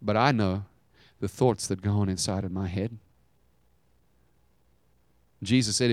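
A man preaches a sermon, dramatically retelling a story and swinging from loud, high bursts to hushed, low passages. He keeps a measured pace with long pauses, and there's no room sound.

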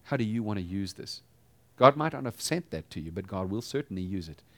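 Man, pastor, sermon, rhetorical questions, fairly low voice, dry close sound. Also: lively intonation, a little fast, no echo. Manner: conversational preaching with rhetorical questions.

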